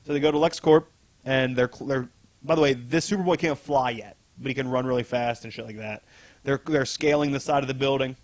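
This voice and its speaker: A man's voice: mid-range voice, brisk. A man co-hosting a podcast, casually recapping a comic with a rambling, laughing delivery and casual swearing. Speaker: podcast co-host.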